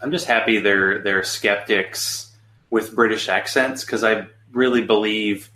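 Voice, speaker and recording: A man's voice: fairly low pitch, steady tone, unhurried, bright, forceful tone, a little hiss or hum. A man hosting a podcast, chatting in a conversational, somewhat hesitant way. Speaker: podcast host. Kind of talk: casual chat. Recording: roomy echo.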